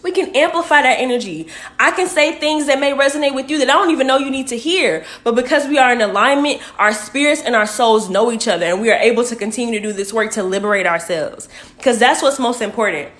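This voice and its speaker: A woman with a fairly high voice talks straight to her viewers like a coach. She speaks casually into a phone, direct and familiar, calling her listeners "y'all.". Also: animated, fast talker. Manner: warm, direct, uses "y'all" and "baby". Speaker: spiritual coach. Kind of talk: casual livestream talk to viewers.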